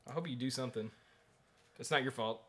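A man's voice: mid-range voice, quick pace, a bit bright. A man around thirty, co-hosting a podcast in a rambling, jokey way. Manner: rambling, jokey, laughs often. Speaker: podcast co-host. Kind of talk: casual chat.

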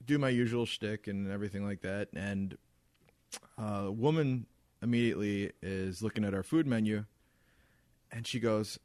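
Ranting, profane podcast co-host, dry sound. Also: male voice, on the low side, normal speed, dry recording. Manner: animated, swearing, ranting about customers. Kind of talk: casual profane storytelling.

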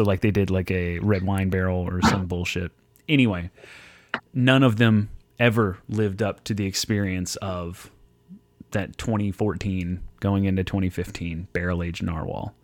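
Low-voiced man swearing through casual stories. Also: a little mellow, no echo. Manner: profane, rambling storyteller. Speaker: podcast co-host. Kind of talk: casual chat.

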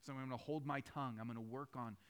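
A man's voice: medium pitch, fairly even intonation, fast, clear, resonant tone. A man in his thirties, a pastor preaching a sermon in a church with a casual, storytelling, conversational manner.

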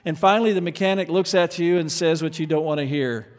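A man preaching a sermon in an earnest way, moving from quiet asides to loud emphatic lines. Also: on the high side, fairly quick, big-room sound.

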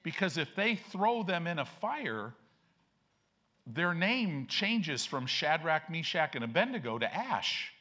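A man's voice: on the high side, sing-song, slow, sharp tone. A male pastor preaching a sermon in a conversational, slangy way, acting out quoted characters with a shifting voice. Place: church sanctuary.

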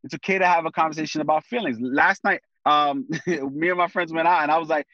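A man speaking as a guest in a casual conversation, animated and full of slang, often thinking aloud with fillers. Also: on the high side, brisk, hardly any pauses, no room sound, muffled recording.

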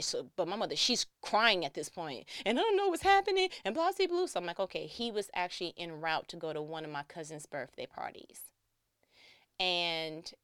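A young woman telling a personal story in a lively, slangy way, acting out the voices she quotes. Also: fairly low pitch, clean tone, no echo, studio quality. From New York.

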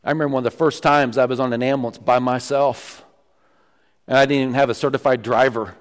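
A man preaching a sermon as pastor, emphatic, often dropping to low, quiet lines for stress. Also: fairly even intonation, fast talker. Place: church sanctuary. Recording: long church reverb.

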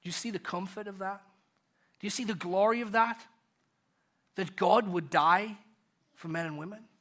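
A British man delivers a sermon in a notably high voice. His tone is bright and ringing, and he moves between loud, rising questions and quiet, hushed answers. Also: moderate pace. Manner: rhetorical questions, builds and drops in volume. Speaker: pastor.

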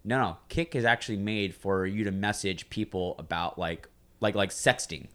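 Man, 20s, low deep voice, relaxed profane storyteller among friends. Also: normal speed. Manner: loose, profane, rambling with many "like"s. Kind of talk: casual storytelling chat.

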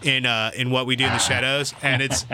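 Bright-voiced man chatting casually. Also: mid-range voice, brisk, slight background noise. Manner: animated storyteller, acts out quoted bits with laughter. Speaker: podcast co-host. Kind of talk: casual chat.

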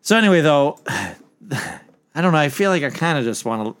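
A man's voice: on the high side, big pitch swings, normal speed, a bit bright. Man casually recapping a movie. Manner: loose recapping with filler words like "like" and laughs. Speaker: podcast host. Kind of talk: casual film review chat.

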